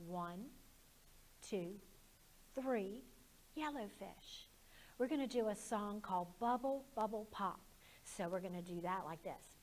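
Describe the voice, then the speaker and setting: A woman's voice: on the high side, big pitch swings, a little slow, fairly bright tone. A woman who works as a children's librarian, leading storytime and talking to small children in a sing-song, encouraging way.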